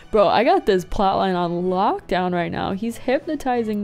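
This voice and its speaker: A woman's voice: medium pitch, animated, normal speed, a little mellow, faint music behind. Goofy woman joking through a game. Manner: goofy, joking, laughs often. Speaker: gaming streamer. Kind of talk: casual game commentary.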